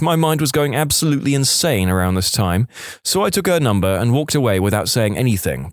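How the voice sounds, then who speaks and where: A male podcast narrator reads internet stories aloud in an expressive, storytelling way. His pitch rises and falls a lot. The recording is dry and close, with no room sound. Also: dry recording.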